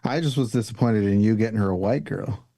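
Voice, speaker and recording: A man's voice: lowish voice, quick pace, dark tone, no echo, studio quality. A man on a podcast teasing the others bluntly and swearing. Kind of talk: casual podcast chat.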